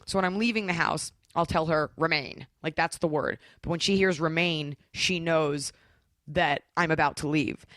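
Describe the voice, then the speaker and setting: A young adult woman, a comedian guest, chatting on a podcast and telling a story with lively, animated delivery. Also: low voice, normal speed, no room sound. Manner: animated storytelling, puts on silly voices. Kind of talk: casual podcast chat.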